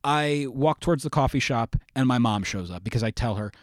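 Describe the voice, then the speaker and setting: This is a young adult man of middle pitch telling a story as a podcast guest. He is animated and self-mocking and acts out the lines of the people in it. The sound is dry and close, with no room echo. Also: brisk. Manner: lively, self-mocking storyteller acting out quotes.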